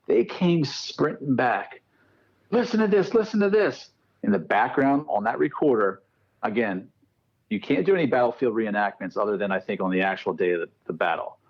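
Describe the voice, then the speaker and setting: A man's voice: mid-range voice, lo-fi sound. A man telling a ghost story in casual podcast chat, acting out what people said. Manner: animated storyteller acting out quotes. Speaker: guest paranormal researcher.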